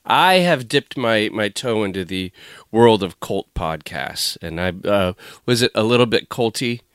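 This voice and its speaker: A man's voice: lowish voice, lively intonation, measured pace, fairly bright tone, clean tone, dry recording, clean studio sound. A man hosting a podcast in casual conversation, rambling and breaking off his own sentences. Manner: rambling, self-interrupting, chatty. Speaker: podcast host.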